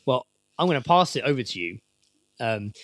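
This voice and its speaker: A young man co-hosting a podcast, telling jokes in a deadpan, swearing style. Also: mid-range voice, normal speed, no room sound, clean studio sound. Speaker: podcast co-host. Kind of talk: casual chat.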